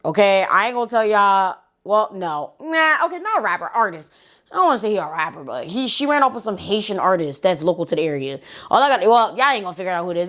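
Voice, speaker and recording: A woman vlogger telling a story in an animated, profane way, with laughing asides. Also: fairly low pitch. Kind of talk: storytime vlog.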